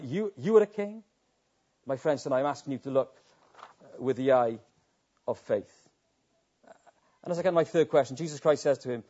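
A man's voice: medium pitch, mellow. A man preaching an evening sermon, earnest and rhetorical, often restarting his words. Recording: dull lo-fi recording.

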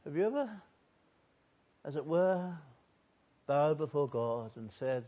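A man preaching a sermon earnestly, building loud on repeated lists and then dropping low and quiet. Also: sing-song, slow, long pauses, muffled recording.

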